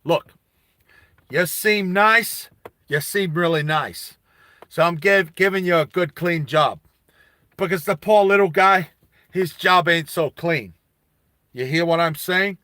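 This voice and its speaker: A man's voice: high voice, slow, long pauses, bright, forceful tone, dry recording, full character voice. A man doing a cigar-smoking Aussie robot foreman. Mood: friendly. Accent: Australian. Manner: streetwise, blunt, protective boss talk. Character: big older male robot factory foreman, smoking cigars, tough but kindly.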